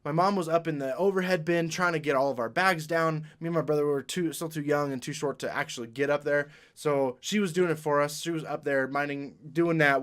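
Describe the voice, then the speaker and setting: High, bright, animated young man. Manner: animated, laughing storyteller. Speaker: vlogger. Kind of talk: storytime vlog.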